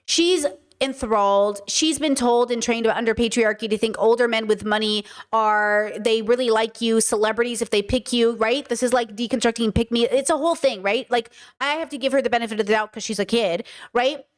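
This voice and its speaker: A woman's voice: a little high, fairly quick. A woman streamer giving opinionated casual commentary, joking around with many "like" and "okay" asides.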